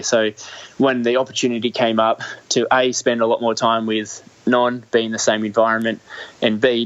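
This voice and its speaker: Australian athlete, young man, low monotone delivery, halting with fillers, dull lo-fi audio. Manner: hesitant, many restarts and fillers. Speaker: guest, Olympic triathlete. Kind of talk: casual interview chat.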